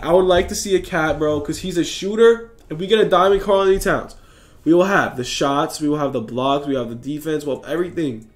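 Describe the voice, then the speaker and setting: A man's voice: fairly high pitch, moderate pace, soft background music. Casual young man reading game stats. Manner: rambling, reads stat lines aloud, self-correcting. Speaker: gaming YouTuber. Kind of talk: casual commentary.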